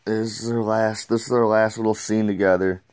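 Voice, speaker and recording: A man's voice: fairly low pitch, flat delivery, moderate pace, darkish tone. A man giving a casual, rambling comic book review, laid-back, swearing and saying "dude" a lot.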